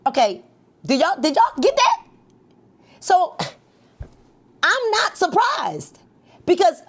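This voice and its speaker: A middle-aged woman coaching a live motivational session, energetic and leading the group in call-and-response with lots of repetition. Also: high voice, slow pace, long pauses. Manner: energetic, repeats phrases for emphasis, leads call-and-response.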